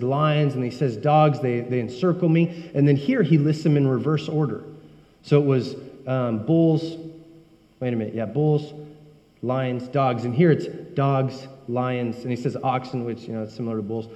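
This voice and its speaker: A man's voice: medium pitch, normal speed, dark tone. A man preaching a sermon in an earnest, emphatic way. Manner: earnest, emphatic, rising when he voices prayers. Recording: dull recording with long hall reverb.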